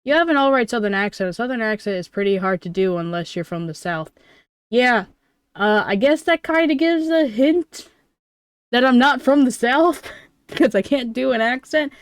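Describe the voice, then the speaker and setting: A woman's voice: on the high side, lively intonation, normal speed, clear, resonant tone, dry recording, studio quality. A young woman streamer chatting casually and self-deprecatingly during a game, with lots of fillers. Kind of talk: casual gaming chat.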